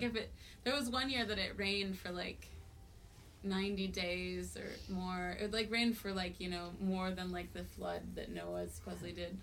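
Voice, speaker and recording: A young woman, a singer-songwriter, rambling and giggling between songs with lots of "like" fillers at a live show. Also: mid-range voice. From US Pacific Northwest. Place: live music venue. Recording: distant live recording with loud ukulele.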